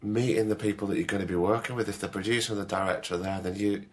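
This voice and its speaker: A man's voice: on the low side, steady tone, very fast. A man hosting a podcast, chatting conversationally and encouragingly with his guest. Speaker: podcast host. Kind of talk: casual interview chat.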